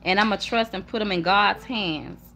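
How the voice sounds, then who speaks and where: Streaming live from home, a young woman chats warmly and emphatically with her viewers, often repeating herself. Her children are close by, and she stops now and then to hush them. Her voice is medium-pitched at a moderate pace.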